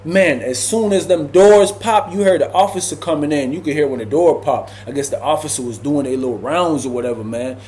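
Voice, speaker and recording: A young man telling a prison story in casual storytime style, animated and full of slang, acting out voices and sound effects. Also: on the high side, fairly quick, hardly any pauses.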